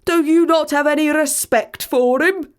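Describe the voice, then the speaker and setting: A woman's voice: sits high, a little slow, pitched above the performer's own voice. A woman voicing a pack of mourning farm dogs who scold the cockerel with reproachful questions. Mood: indignant.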